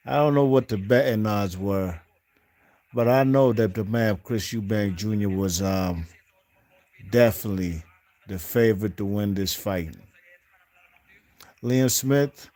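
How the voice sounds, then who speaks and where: Speaking in a lowish, slightly mellow voice, a boxing-channel host offers loose post-fight commentary. He wanders, uses slang, and fills his talk with fillers and restarts; he isn't from the UK.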